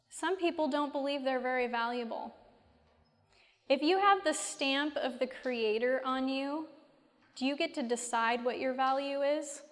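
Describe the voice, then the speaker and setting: In a high, fairly bright voice, a woman leads a faith-based class, keeping it casual and conversational as she asks her listeners one question after another. A long reverb trails her words, as though she were speaking in a large hall.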